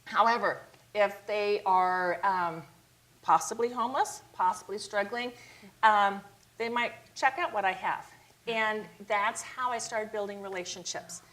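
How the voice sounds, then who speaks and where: A middle-aged woman recounts her story with animated energy, slipping into a higher voice for the people she quotes. Her voice sits in a middle pitch, and she talks as a guest on a TV talk show. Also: unhurried, poor audio. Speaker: founder of a youth outreach charity.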